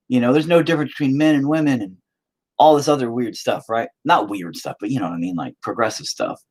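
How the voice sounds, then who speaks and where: A man talks loosely to a live-stream audience while he works on a painting. He swears constantly and rambles from one joke to the next. His pitch swings widely, rising high and dropping low. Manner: profane, rambling, jokey. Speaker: streaming artist.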